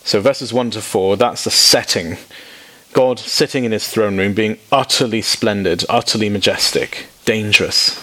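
Man preaching in a lively, informal way. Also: lowish voice. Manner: informal, animated storytelling with quick asides. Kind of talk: sermon teaching.

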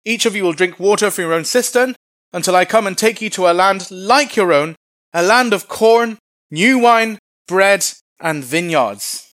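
A man voicing a brash, boastful male military commander who shouts mocking taunts loudly. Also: very high voice, lively intonation, quick pace, dry recording, voice pushed up. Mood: shouting. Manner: loud, mocking, bragging.

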